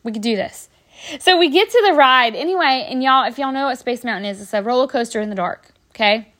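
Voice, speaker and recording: A woman's voice: high voice, fast, a bit bright. A woman, telling stories in a rambling, chatty way on a podcast, full of fillers and restarts. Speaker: podcast host. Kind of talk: casual storytelling.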